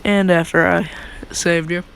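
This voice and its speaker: A man's voice: high voice, level tone, a little slow, vocal fry, a bit bright, slight background noise, heavily acted, low-quality recording. A man playing a brash young pirate captain. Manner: brash, laid-back slang. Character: cocky young male pirate captain, cheerful.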